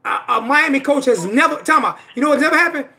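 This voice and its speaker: A man's voice: very high-pitched, quick pace, creaky. A man in his forties hosting a live sports show, trading heated trash talk and hammering his points through repetition. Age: 40s. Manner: argumentative, loud, repeats himself for emphasis. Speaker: host.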